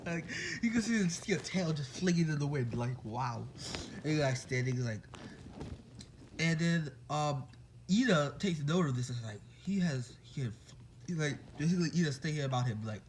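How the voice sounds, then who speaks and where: A young man casually retelling a fan story, rambling and excitable, full of fillers and quick apologies. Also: fairly high pitch, background noise.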